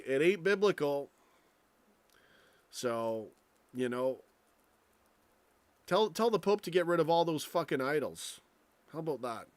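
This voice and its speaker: A man's voice: on the high side, no room sound. A young American man hosting a casual late-night livestream from home, rambling and profane, restarting his sentences often. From United States. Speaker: live stream host. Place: home, indoors.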